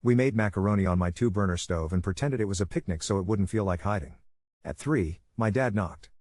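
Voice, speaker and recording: A man reading a first-person story aloud in a steady, measured narrating style. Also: low voice, no echo, clean studio sound.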